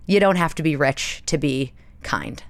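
A woman's voice: deep voice, unhurried, no echo. A woman in her thirties, hosting a podcast in a chatty, self-mocking way, with frequent laughs and "like". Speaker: podcast host. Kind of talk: casual chat.

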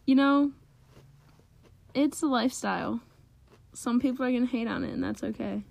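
A woman's voice: fairly high pitch, normal speed, gravelly, a little mellow, dry recording. A teenage girl co-hosting a casual chat, bubbly and full of "like" and slang. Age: teens. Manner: bubbly, lots of "like", playful slang. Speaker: podcast co-host, daughter.

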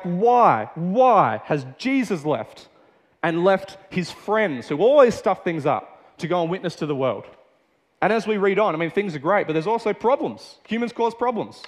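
Young Australian man, chatty preacher with a slightly high voice; long reverb from the hall. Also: animated, normal speed. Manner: casual and chatty, with many fillers and restarts. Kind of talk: sermon.

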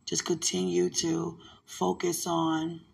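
A young woman, talking affectionately and religiously to her partner and breaking into lively, laughing storytelling. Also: lowish voice, slow, vocal fry. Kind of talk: casual emotional chat.

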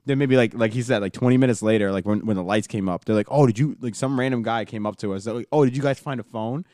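A young man with a mid-pitched voice rushes through his story and keeps backtracking and restarting. The sound is dry and close. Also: darkish tone, no room sound. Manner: rambling, restarts often, profane. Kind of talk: casual chat, storytelling.

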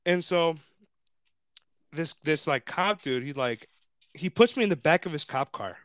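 Animated young man telling a story. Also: on the high side, normal speed, no room sound, studio quality. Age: young adult. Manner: animated, swearing, laughing, acting out quotes. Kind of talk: casual storytelling.

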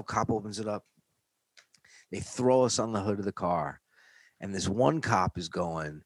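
Low voiced guy from new york telling a story, acts out the yelling, dry close sound. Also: normal speed, breathy edge, no echo. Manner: animated, acts out shouting cops. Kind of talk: casual storytelling chat.

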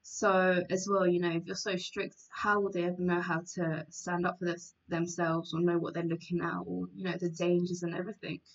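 A woman's voice: on the low side, level tone, fairly quick, hardly any pauses. A woman in casual chat, telling a story earnestly and laughing easily. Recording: dull lo-fi sound.

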